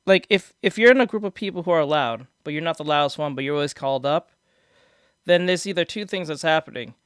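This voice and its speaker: Talking quickly in a slightly high, bright, resonant voice, a streamer answers viewer comments in a relaxed live chat, explaining things in a meandering way, restarting sentences and chuckling at his own jokes. His desk mic delivers clear studio sound with no echo.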